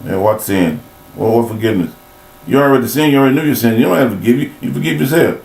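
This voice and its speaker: A man's voice: mid-range voice, expressive, fast talker, vocal fry, a little mellow, roomy sound, low-quality recording. A man giving a rambling, blunt motivational talk, scolding and preaching with long lists of words and snatches of song. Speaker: motivational speaker.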